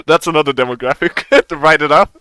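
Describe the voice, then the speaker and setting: A man's voice: fairly high pitch, fast talker, sharp tone, clear, resonant tone, no room sound. A young man co-hosting a podcast in a casual chat, rambling, swearing and laughing often. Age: young adult. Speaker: podcast co-host.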